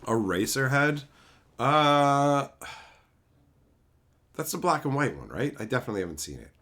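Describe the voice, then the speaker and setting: Lively bright-voiced man chatting on stream. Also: mid-range voice, moderate pace. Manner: rambling, profane, animated. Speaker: streamer answering chat. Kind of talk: casual live-stream chat.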